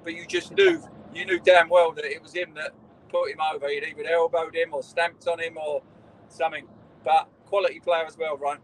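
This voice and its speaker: A man's voice: on the high side, expressive, normal speed, slight background noise, low-quality recording. A middle-aged man, a former footballer telling rambling stories in a casual interview. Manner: rambling storyteller, restarts, swears in quotes.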